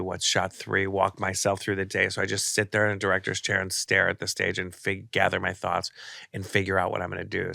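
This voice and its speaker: A man, a podcast guest, telling stories in a lively, animated way. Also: low-pitched, gravelly, no room sound, studio quality. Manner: animated storyteller, acts out quoted voices. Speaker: podcast guest, artist and author. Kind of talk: casual storytelling.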